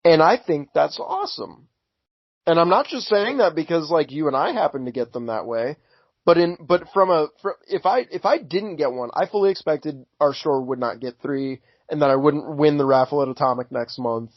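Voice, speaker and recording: A man's voice: a little high, expressive, moderate pace, no echo. A man co-hosting a podcast, arguing his view earnestly and carefully, often restarting his sentences. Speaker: podcast co-host. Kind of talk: casual podcast chat. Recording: dry, dull lo-fi audio.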